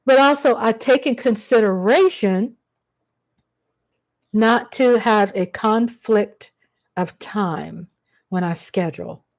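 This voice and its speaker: A woman speaks slowly with long pauses on her casual livestream, her slightly high voice a little mellow. She rambles chattily, greeting viewers by name while she talks.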